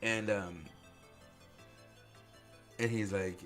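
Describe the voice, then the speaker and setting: A man's voice: fairly low pitch, flat delivery, slow, long pauses, faint music behind. A man hosting a podcast, telling a personal story in a loose conversational way, filling his speech with "like". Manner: loose conversational, heavy use of "like". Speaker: podcast host.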